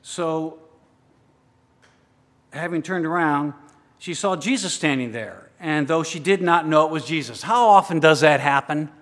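A man preaching a sermon, moving between hushed, slow reflection and raised, urgent emphasis, repeating phrases in building lists. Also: a little high, long reverb tail. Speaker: pastor.

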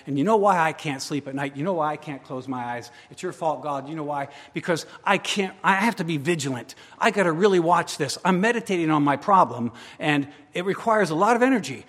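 Male preacher, slightly high voice, dramatic delivery, long hall echo. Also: animated, normal speed, a bit bright. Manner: dramatic, voices the worried psalmist in first person. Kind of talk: sermon.

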